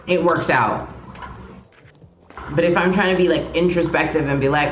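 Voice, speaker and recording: A woman's voice: mid-range voice, normal speed, a bit bright, slight background noise. A woman streaming a video game, chatting casually in rambling, playful asides. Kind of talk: casual gameplay commentary. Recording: echoey room with game music.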